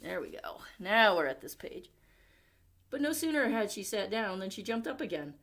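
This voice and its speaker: A woman at a library reading a picture book aloud, expressive, with chatty asides to young listeners. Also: mid-range voice, normal speed. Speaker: library storyteller.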